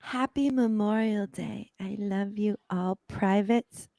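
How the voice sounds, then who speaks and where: A woman putting on a soft-spoken male pop star addressing troops, slow and hushed. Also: mid-range voice, gravelly. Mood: gentle.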